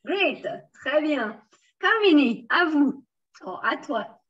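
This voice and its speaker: A Swiss woman with a fairly high voice teaches a beginner French lesson. She switches between English and French, drops in many fillers and praises her students. Her voice sounds a little distant and dull, as if picked up from across a room. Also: sing-song, takes it slowly, fairly bright tone. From Switzerland. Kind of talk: online language class.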